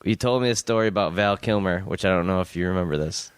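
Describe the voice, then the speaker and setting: A man's voice: deep voice, fast talker, clear, resonant tone, no echo, clean studio sound. A man hosting a podcast, casually prompting his guest to retell stories and laughing along easily. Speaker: podcast host. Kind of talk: casual interview chat.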